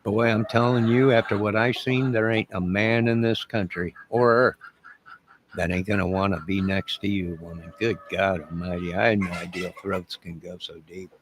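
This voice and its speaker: A man's voice: sits low, fairly even intonation, moderate pace, background noise. A man ranting boastfully and mock-menacingly to his viewers in a drawling, rambling way. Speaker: online music and movie channel host. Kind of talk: rambling comic rant to viewers.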